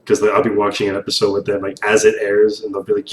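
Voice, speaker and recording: A young man in casual reaction commentary while painting, animated, rambling and swearing a lot, recorded on a distant mic in an echoey room with faint hiss. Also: lowish voice, fast talker, few pauses. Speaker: reaction video host.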